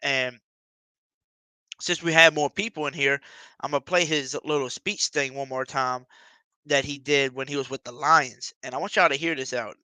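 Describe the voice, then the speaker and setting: A man hosts a casual sports talk livestream in a bright, forceful voice. He speaks emphatically, uses plenty of slang, and repeats his points. The sound is dry and close. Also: mid-range voice, fairly even intonation, normal speed, clean tone, no room sound, poor audio. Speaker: livestream host.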